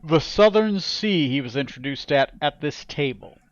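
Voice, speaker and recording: A man's voice: a little high, lively intonation, moderate pace, no room sound, lo-fi sound. A man narrating as game master of a tabletop game, casual and self-correcting.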